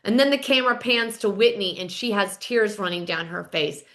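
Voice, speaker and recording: A woman's voice: mid-range voice, moderate pace, a bit bright. A woman retelling a reality TV episode in a chatty, dramatic, gossipy way. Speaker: reality TV recap host. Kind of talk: recapping a TV episode to camera.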